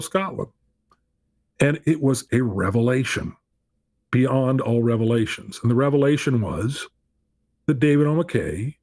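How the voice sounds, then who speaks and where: A man's voice: medium pitch, no room sound, clean studio sound. A middle-aged man telling a personal story as a guest on a talk show, candid and self-deprecating, often restarting his sentences. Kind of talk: storytelling in a conversation.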